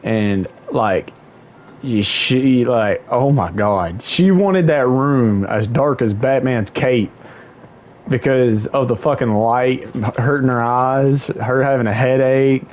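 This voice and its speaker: A man's voice: medium pitch, slow, a little mellow. A young man hosting a livestream, casually telling a long story with lots of slang and swearing, his voice jumping up when he quotes people. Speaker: livestream host.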